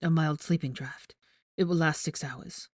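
A woman's voice: sits low, steady tone, measured pace, dry recording, studio quality. Woman voicing a frantic pleading teenage boy. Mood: hushed urgent. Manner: urgent, pleading, hushed.

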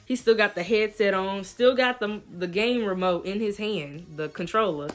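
A young woman vlogger telling a lively storytime in casual slang, acting out what people said. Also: mid-range voice, normal speed. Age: young adult. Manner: animated, slangy storytelling with quoted voices. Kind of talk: storytime vlog.

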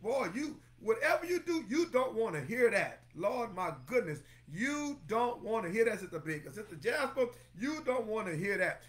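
A male pastor teaching scripture with a high, swooping voice that rises and falls dramatically. He exclaims constantly, calls out congregants by name and repeats key phrases for emphasis. Now and then he breaks into a line of a song. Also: sing-song, moderate pace, hardly any pauses, a bit bright. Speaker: pastor teaching Bible study. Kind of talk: lively sermon-style Bible lesson.

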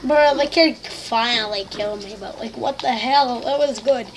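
A woman giving excitable, complaining live commentary over a shooter game she is playing, full of slang. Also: a little high, moderate pace, slight background noise. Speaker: gamer.

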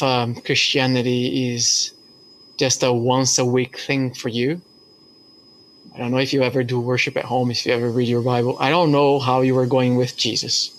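A man's voice: mid-range voice, slight background noise. A man preaching a sermon as pastor, telling a story earnestly with hesitations.

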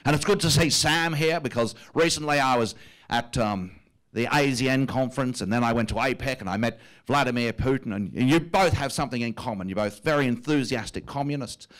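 A comedian doing a smug rich Aussie prime minister. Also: male voice, mid-range voice, brisk, a bit bright, lightly acted. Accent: Australian. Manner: smug, drawling, self-amused. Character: smug wealthy male prime minister, pompous and self-satisfied. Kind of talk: stand-up impression of a politician. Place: stage.

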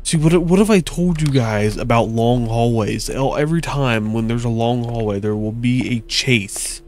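A young man talks through a horror game in loose, rambling, jokey commentary. His voice sits at an ordinary male pitch, and he is turned partly away from his desk mic. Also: moderate pace, a little mellow, slight background noise. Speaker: gaming YouTuber. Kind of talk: let's play commentary. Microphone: desk mic, facing partly away.

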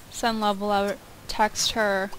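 A woman giving casual, excitable commentary while playing a life-sim game, breaking into loud outbursts. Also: on the high side, a little hiss or hum, low-quality recording. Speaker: let's play gamer.

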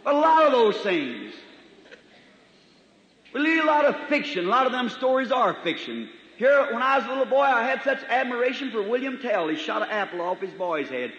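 A man preaching a sermon in a church hall, folksy in manner, swinging from loud to soft. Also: extremely high pitch, very animated, fairly quick. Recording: echoey hall, dull 1950s tape recording.

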